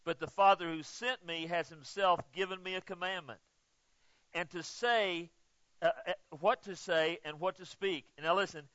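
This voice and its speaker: Man, pastor, sermon, high voice, loud then hushed, dry muffled recording. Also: steady tone, normal speed, no room sound. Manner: swings from loud emphatic to soft and low. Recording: dull, muffled, dry sound.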